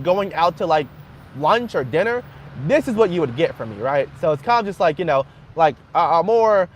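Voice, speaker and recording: A man's voice: high-pitched, lo-fi sound, a little hiss or hum. A man live-streaming from his car as he drives, chatting casually in a rambling way and laughing often. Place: in a car while driving.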